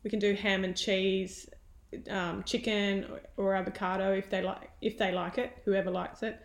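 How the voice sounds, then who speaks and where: A woman's voice: mid-range voice, level tone, normal speed, vocal fry. A woman who hosts a podcast, chatting in a friendly way and listing practical tips. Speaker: podcast host. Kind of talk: casual chat. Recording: echoey room.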